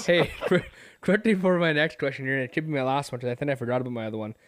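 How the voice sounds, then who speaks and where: A man of ordinary pitch hosts a casual podcast interview. He jokes with his guest, swears freely and laughs easily. His voice sounds dry and close, with no room around it. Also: fast talker, no echo. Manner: joking, profane, laughs often. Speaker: podcast host.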